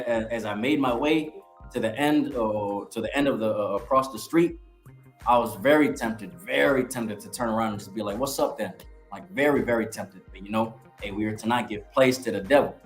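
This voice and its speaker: A man giving a casual preaching testimony from his ministry, reading scripture aloud. He talks bluntly, swears, and keeps checking in with "all right?". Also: medium pitch. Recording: roomy echo, faint music behind.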